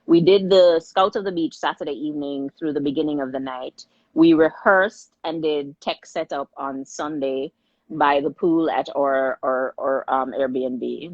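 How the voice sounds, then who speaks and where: A middle-aged woman with a low voice talks in a relaxed interview as a filmmaker guest. She tells her story with energy and often restarts mid-sentence. The recording is slightly muffled and dry. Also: no room sound. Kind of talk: casual interview conversation.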